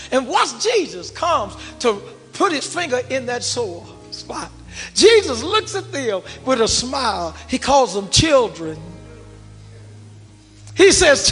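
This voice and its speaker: A pastor with a very high, bright, forceful voice preaches to his congregation, calling out to them and dropping to hushed asides. His voice rings through a large church hall with a long reverb tail, and soft organ music plays under him. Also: sing-song, slow. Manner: preaching with call and response, swinging from shouts to low murmurs. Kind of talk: sermon.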